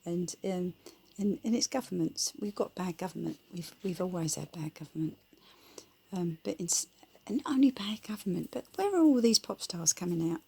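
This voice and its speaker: Gravelly-voiced woman, blunt. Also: fairly low pitch, animated, normal speed, warm tone. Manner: blunt, colloquial, rambling. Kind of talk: casual opinion monologue.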